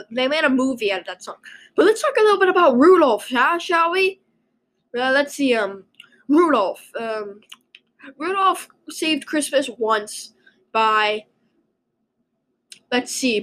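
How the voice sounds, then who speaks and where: A woman's voice: on the high side, a bit bright, slight background noise, rough recording. A woman hosting a casual solo episode, rambling and joking with many fillers and restarts. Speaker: podcast host.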